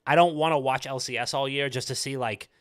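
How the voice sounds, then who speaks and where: A man's voice: medium pitch, steady tone, brisk, a bit bright. A man hosting a gaming podcast, talking casually about esports with lots of filler words and the odd swear. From United States. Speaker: podcast host. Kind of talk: casual chat.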